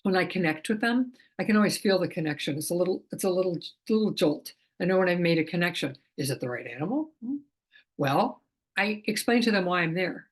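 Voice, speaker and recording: In a fairly low voice with lively intonation, a middle-aged animal communicator chats to camera about her work at a fairly quick pace. She often restarts her sentences and lets out soft laughs.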